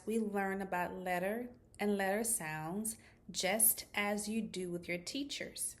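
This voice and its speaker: A woman speech therapist teaching a children's lesson, modeling sounds with slow, clear, exaggerated articulation. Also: medium pitch.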